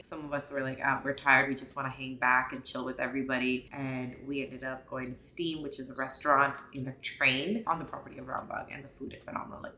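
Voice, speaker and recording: A young woman tells a storytime recap in a chatty, gushing, emotional way. Her voice sits low for a woman yet sounds bright and forceful. The room around her is echoey, with a faint hum of ambience. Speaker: vlogger.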